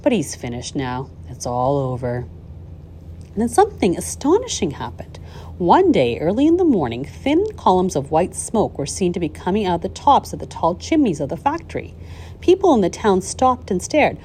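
Woman reader, children's novel, animated, warm mellow tone. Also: mid-range voice, brisk, slight background noise. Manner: lively expressive storytelling with small slips. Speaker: audiobook reader. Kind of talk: reading a children's novel aloud.

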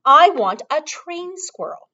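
Casting: woman playing a loud, whining rich brat of a girl, high and lively. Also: slow, exaggerated voice. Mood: demanding. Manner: demanding, whining, shouting. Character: spoiled shrieking bratty little girl. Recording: dull lo-fi recording.

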